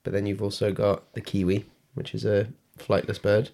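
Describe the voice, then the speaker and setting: A man's voice: lowish voice, level tone, moderate pace, gravelly, warm tone. A British man co-hosting a casual podcast, talking bluntly and swearing freely. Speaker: podcast co-host. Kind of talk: casual chat.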